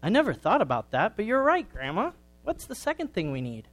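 A man's voice: huge pitch swings, fairly quick, soft background music, full character voice. Man doing a cheerful little lamb. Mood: curious. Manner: bright, pitched-up storybook reading. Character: young male lamb, cheerful and carefree.

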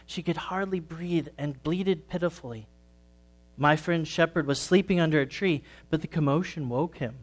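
A man, a pastor, reading a story to the children during a church service, in a gentle storytelling manner. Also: fairly high pitch.

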